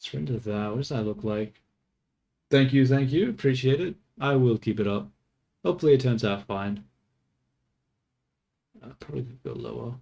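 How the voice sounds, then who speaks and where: A man's voice: medium pitch, normal speed, warm tone, dull audio. A man streaming his 3D work, talking casually to himself as he goes, swearing offhand and laughing at his mistakes. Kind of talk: casual think-aloud commentary while working.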